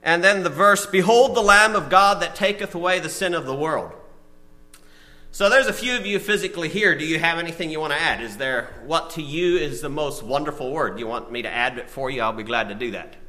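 A man preaching a sermon to a small congregation and listeners, telling stories and reading out lists, swinging between loud emphasis and soft asides. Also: fairly high pitch. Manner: reads lists of words slowly, one at a time. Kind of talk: sermon with storytelling.

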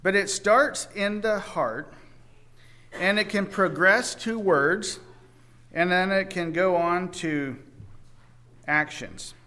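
Man preaching, mildly high voice, halting with restarts, scripture read louder. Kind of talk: sermon.

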